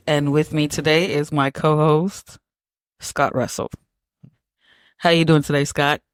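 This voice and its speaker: A woman's voice: low-pitched, level tone, measured pace, pauses often, clear, resonant tone, no room sound, faint music behind. Teasing woman podcast host. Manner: teasing, laughs often, bossy with her co-host. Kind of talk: casual chat.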